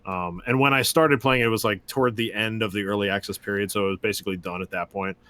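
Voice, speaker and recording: A man co-hosting a gaming podcast, describing games in a measured way with hesitant fillers. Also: on the low side, fairly even intonation, bright, forceful tone. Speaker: podcast co-host. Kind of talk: casual gaming chat.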